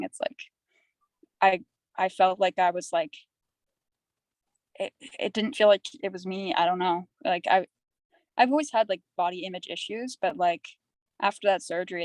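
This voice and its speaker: A woman's voice: lowish voice, dry recording, low-quality recording. Young canadian woman rambling on as a podcast guest, chatty and candid, dry close sound. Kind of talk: candid casual conversation.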